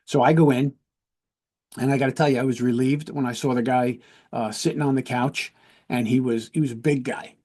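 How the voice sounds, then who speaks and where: Male podcast host, mid-pitched, earnest and conversational, telling personal stories. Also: fairly even intonation, brisk, a little mellow. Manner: earnest, conversational, often checks in with "right?". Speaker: podcast host and police lieutenant. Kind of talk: casual storytelling.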